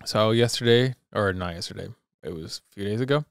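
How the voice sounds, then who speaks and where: Rambling, animated young man, clear voice. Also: lowish voice, fairly quick, no room sound, clean studio sound. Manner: animated storyteller, loose and rambling. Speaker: podcast co-host. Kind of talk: casual chat.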